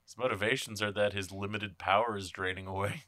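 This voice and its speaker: A man's voice: lowish voice, steady tone, a little fast, bright, forceful tone, dry recording. A man co-hosting a casual movie chat, profane and jokey, often acting out silly voices. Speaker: podcast co-host.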